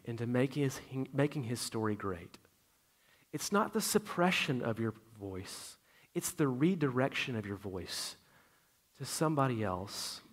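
Middle-aged pastor guy preaching, chatty, gets loud then drops quiet. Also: medium pitch. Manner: conversational preaching, swings from loud emphasis to quiet. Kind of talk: sermon.

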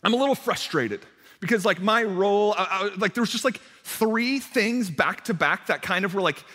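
A man's voice: sits high, animated, moderate pace, bright, forceful tone. A young man, a youth pastor, giving a casual sermon full of fillers and restarts as he tells a camp story. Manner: chatty, self-deprecating, many fillers and restarts. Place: church hall. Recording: long hall reverb.

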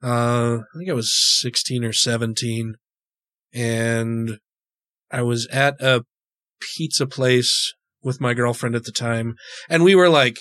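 A man telling stories on a casual podcast in a profane, animated way. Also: medium pitch, takes it slowly, dry recording, studio quality.

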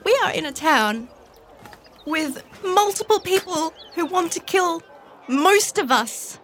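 Woman doing a cagey adventurer, high lively voice, noisy mic. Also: takes it slowly, heavily acted. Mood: evasive.

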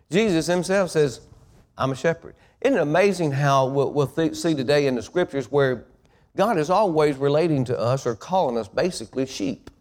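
This male pastor has a fairly high-pitched voice. He leads the congregation in repeating after him, and his sermon swells into loud, emphatic preaching.

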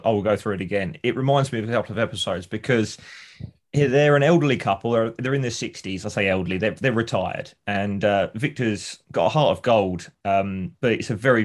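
A man, co-hosting a podcast, chatting casually and enthusiastically retelling TV scenes. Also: on the low side. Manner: enthusiastic storyteller, acts out scenes. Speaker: podcast co-host. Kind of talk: casual chat.

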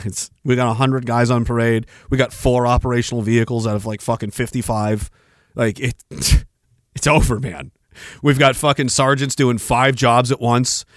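A man's voice: medium pitch, a bit bright, no room sound. A man hosting a podcast, ranting about politics in a profane, sarcastic way. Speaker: podcast host.

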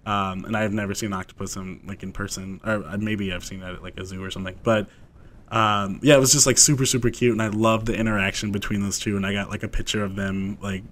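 A man's voice: lowish voice, steady tone, quick pace, a bit bright. A young man co-hosting a podcast, telling a story in casual chat, rambling with lots of fillers and laughs. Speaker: podcast co-host.

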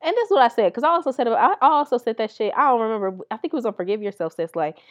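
A woman's voice: fairly high pitch, lively intonation, very fast. Blunt, profane young woman storyteller. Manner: blunt, profane, laughs through her stories. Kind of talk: candid storytelling chat.

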